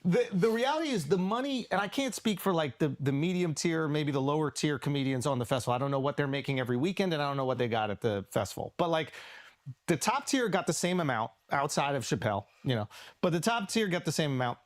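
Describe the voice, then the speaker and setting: Rapid-fire comedian dude, cussing, blunt, kinda high voice. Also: male voice, animated. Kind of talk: casual podcast talk.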